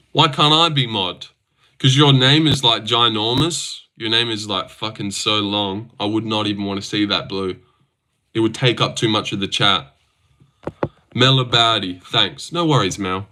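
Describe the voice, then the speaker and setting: Young man streaming, low voice, sharp bright tone, teasing banter with chat. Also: moderate pace. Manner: reads viewer messages aloud and teases chatters. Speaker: livestreamer reading chat. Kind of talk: casual livestream banter.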